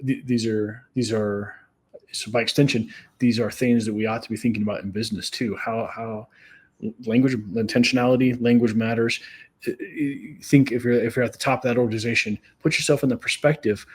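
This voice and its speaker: Husky-voiced middle-aged man telling stories. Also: mid-range voice, fairly quick. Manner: repeats words as he restarts, tells anecdotes with quoted dialogue. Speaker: podcast host. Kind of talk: conversational storytelling.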